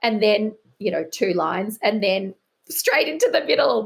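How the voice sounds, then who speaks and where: A woman's voice: mid-range voice, animated, measured pace, vocal fry. A middle-aged woman, a guest author, chatting in an interview with a wry, self-deprecating humor. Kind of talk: casual interview chat.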